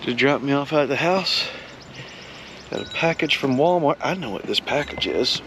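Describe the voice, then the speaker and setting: Casual male outdoor vlogger, mid pitch, joking and chatty, noticeable ambient noise behind. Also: animated, normal speed, a bit bright. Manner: chatty, joking, talks to the camera. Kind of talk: casual vlog narration.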